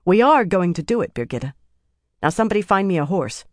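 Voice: medium pitch, sing-song, fast talker, dry recording, clean studio sound, close to an everyday voice. A reader voicing a stubborn young queen in an audiobook, with a wry, determined manner. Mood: commanding. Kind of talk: audiobook character voice.

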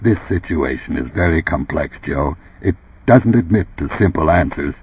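A man reading an audiobook, voicing a heated, indignant middle-aged boss who pleads in loud, raised bursts. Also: medium pitch, sing-song, measured pace, husky, no room sound, pitched above the performer's own voice. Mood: guarded. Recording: dry, tinny phone-like sound.

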